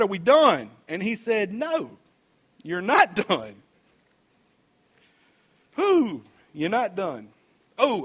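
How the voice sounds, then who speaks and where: A man preaching a sermon, reading scripture slowly and adding folksy comments between verses. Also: high-pitched, fairly bright tone, husky, lo-fi sound. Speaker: pastor.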